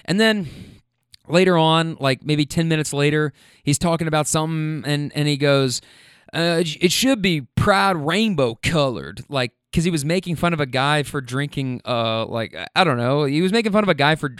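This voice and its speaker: A man's voice: a little high, a little fast, fairly bright tone, clean tone, dry recording, studio quality. Rambling young man telling a story. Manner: rambling, with many restarts and frequent swearing. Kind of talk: casual storytelling monologue.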